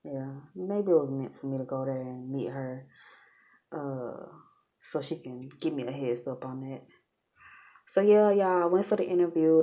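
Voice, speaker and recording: A woman's voice: deep voice, warm tone. A woman vlogging in a casual, chatty way, talking straight to her viewers and laughing often. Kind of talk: casual storytelling vlog.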